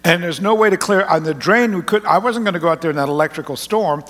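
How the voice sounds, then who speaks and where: Pastor guy rambling through a story at church, kinda higher voice, big echoey hall sound. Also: fast talker, a bit bright. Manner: folksy, rambling, self-interrupting. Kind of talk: sermon with personal story. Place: large church auditorium. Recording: long reverb of a large hall.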